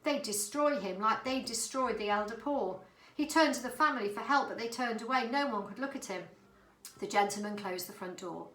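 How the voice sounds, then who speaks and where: Brief: woman storybook narrator, bright and expressive, echoey room. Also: on the high side, normal speed. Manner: expressive, dramatic. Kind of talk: storybook reading.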